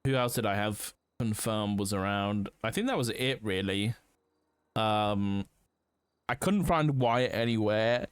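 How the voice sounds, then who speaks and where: A man's voice: fairly low pitch, measured pace, smooth, no echo. A man streaming a roleplay game, chatting casually and rambling with lots of fillers and swearing.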